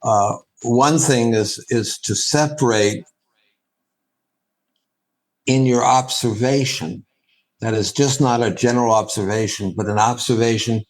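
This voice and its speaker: A man, a spiritual teacher, giving a reflective answer in an interview, halting and restarting as he thinks. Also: medium pitch, poor audio. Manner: halting and thoughtful, with frequent restarts and pauses.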